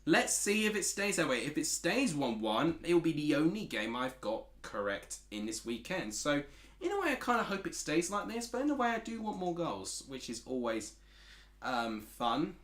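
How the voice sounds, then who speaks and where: A chatty man with an Essex accent streams a football watchalong, his pitch bouncing up and down as he reads out chat messages. He sounds like he's in an echoey room. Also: big pitch swings, normal speed, a bit bright. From Essex, England. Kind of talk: casual football watchalong commentary.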